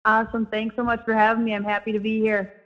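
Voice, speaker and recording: A young woman with a Minnesota accent talks as an interview guest in a friendly, halting way, often pausing on ums. The audio is a bit dull and lo-fi. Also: fairly high pitch, completely flat delivery. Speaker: guest, former college hockey player and coach. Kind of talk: casual interview chat.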